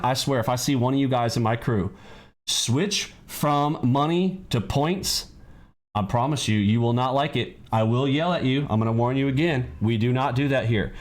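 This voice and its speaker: A man's voice: medium pitch, animated, moderate pace. A man coaching traders in a live lesson, blunt and preachy, lecturing his audience directly. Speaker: trading coach. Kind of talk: live trading lesson with pep talk.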